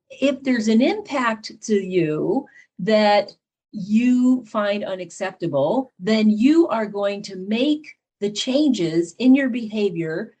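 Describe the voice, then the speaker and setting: A woman's voice: mid-range voice, darkish tone. A middle-aged woman speaking as a podcast guest and teacher, explaining earnestly and acting out examples as she goes. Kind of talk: conversational interview talk.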